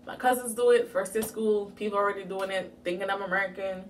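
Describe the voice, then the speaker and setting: A young woman from Jamaica telling a casual story-time vlog, animated and full of playful asides. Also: medium pitch, fast, recorded from a distance, slight background noise. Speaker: vlogger.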